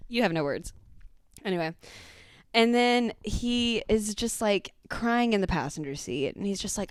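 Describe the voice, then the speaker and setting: Lively woman telling a story. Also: fairly low pitch, moderate pace, smooth, dry recording, studio quality. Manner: animated, profane, acts out quotes. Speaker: podcast host. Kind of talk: casual storytelling chat.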